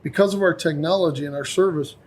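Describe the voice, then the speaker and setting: Talking quickly in a fairly high voice, a man who runs a company shares a story during a relaxed podcast conversation he hosts. He's a lively narrator who performs the voices of each character.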